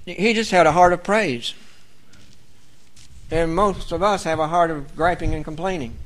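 Male preacher, bright, fairly high voice, earnest and rambling, reads scripture aloud. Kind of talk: sermon.

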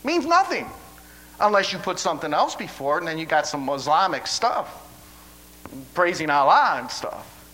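A man delivering a sermon in a high, bright voice. He talks in a folksy, rambling way, repeating words as he restarts his sentences. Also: low-quality recording. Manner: stammering restarts, folksy asides. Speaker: preacher.

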